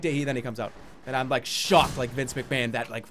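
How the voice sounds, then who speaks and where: Rambling jokey male streamer over gunfire. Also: fairly quick. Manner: rambling, jokey, bursts into loud high mock-announcer bits. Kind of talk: casual gaming stream chat. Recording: game gunfire noise behind voice.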